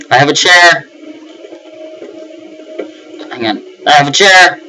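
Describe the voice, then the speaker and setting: A man's voice: a little high, slow, long pauses, pushed and bright, faint music behind, poor audio. A young man giving nervous running commentary on a horror game, breaking into panicked repeated words and yelps. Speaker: let's play gamer.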